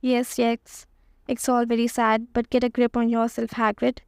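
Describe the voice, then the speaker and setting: Strict older witch lady who scolds in a hush, read by a woman, fairly high voice. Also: completely flat delivery, moderate pace, creaky, smooth, dry recording, clean studio sound. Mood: stern. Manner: hushed, scolding. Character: stern older female professor witch.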